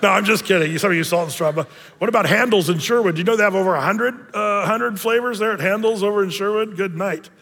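High-voiced male pastor in a reverberant hall. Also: quick pace, creaky, fairly bright tone. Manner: conversational, joking asides. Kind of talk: sermon.

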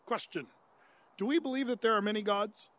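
A high-pitched male pastor works through a Bible passage in a conversational sermon, posing questions listeners might ask and then answering them. He talks fairly quickly with a slightly bright tone, often saying "uh" and restarting sentences. There's no room sound.

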